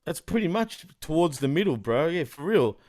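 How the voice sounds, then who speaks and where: An Australian man chatting as a guest on a podcast, his voice sitting a little high for a man. He talks in an animated, slangy way, swears freely and keeps slipping into mock accents. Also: moderate pace. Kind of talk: casual chat.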